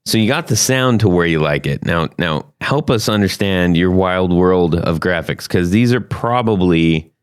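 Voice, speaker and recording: A man's voice: sits low, lively intonation, normal speed, hardly any pauses, clear, resonant tone, dry recording, clean studio sound. A man hosting a casual podcast interview, jokey and enthusiastic, prone to big laughs. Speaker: podcast host.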